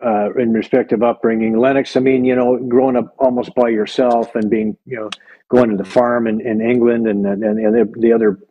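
A man conducts an interview at an everyday middle pitch. He steers the talk with friendly, leading questions and the odd "uh." His audio sounds slightly dull. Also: animated, fairly quick, gravelly.

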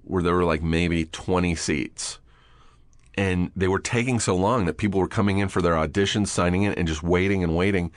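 A podcast host chats casually in a small studio room, telling stories, swearing freely and acting out the voices of people he quotes. He has a low-pitched voice, a moderate pace, and there's no room sound.

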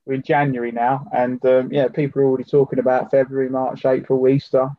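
Chatty bloke, lo-fi remote line. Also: male voice, medium pitch, monotone, fast, no echo. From United Kingdom. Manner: chatty, full of fillers and "do you know what I mean". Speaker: podcast co-host. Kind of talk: casual chat.

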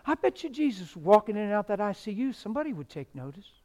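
A man's voice: sits high, big pitch swings, fast talker. Passionate man preaching a sermon. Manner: passionate storytelling, swinging from loud exclamations to hushed quiet. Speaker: pastor.

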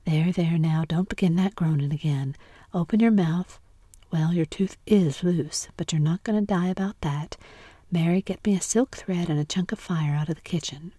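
A woman's voice: fairly low pitch, moderate pace, dark tone, no echo, studio quality, natural voice. Aunt Polly, a whispered woman doing a scolding old aunt. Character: old aunt, stern but loving. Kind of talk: whispered role-play.

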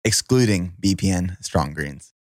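Upbeat guy hosting a podcast, kinda low voice, teasing his guest. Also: lively intonation, a little slow, darkish tone, no room sound, studio quality. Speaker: podcast host. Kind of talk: casual podcast interview.

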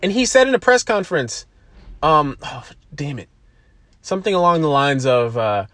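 A man's voice: fairly high pitch, very animated, normal speed, a bit bright, no room sound. A man hosting a casual solo podcast, rambling off on tangents, swearing freely and poking fun at himself. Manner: rambling, profane and self-deprecating. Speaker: podcast host.

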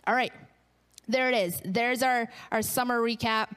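A woman's voice: on the high side, steady tone, normal speed, fairly bright tone, smooth. A woman pastor giving a sermon, telling stories animatedly and acting out the voices of the people in them. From Canada.

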